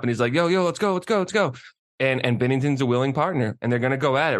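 A man co-hosting a casual chat, ranting and emphatic. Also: medium pitch. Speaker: podcast co-host.

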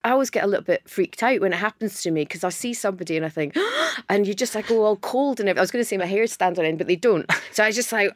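A woman's voice: mid-range voice, very animated, rapid-fire, few pauses, no room sound. A middle-aged woman, a guest on a podcast, chatting casually and telling stories with plenty of giggles. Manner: giggly, storytelling. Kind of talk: casual chat.

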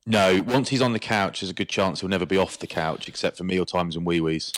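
A man's voice: deep voice, fairly even intonation, brisk, no room sound. A man co-hosting a podcast, rambling and musing in casual banter. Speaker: podcast co-host.

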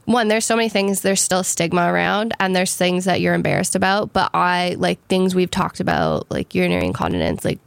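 A woman's voice: fairly low pitch, expressive, fairly quick, vocal fry, hardly any pauses, clean tone, no room sound. A woman hosting a podcast, chatting casually with lots of "like" fillers. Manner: chatty, filler-heavy, laughing. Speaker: podcast host. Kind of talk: casual interview chat.

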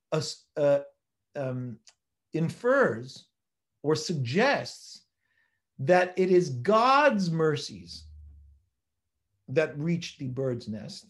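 Male rabbi lecturer, high lively voice, emphatic, rhetorical, Torah class. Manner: animated, emphatic, rhetorical questions, quotes Hebrew texts.

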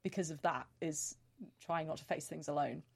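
A woman tabletop player, talking through her character with many fillers and pauses. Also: low voice, gravelly, slightly rough. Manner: hesitant, thinking aloud with many fillers. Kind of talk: casual chat about a tabletop character.

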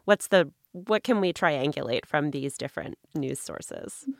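Casual woman host, deep and gravelly, dry close sound. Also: lively intonation, a little slow, no echo. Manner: casual, chatty, lots of fillers. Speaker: interviewer, host. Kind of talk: interview conversation.

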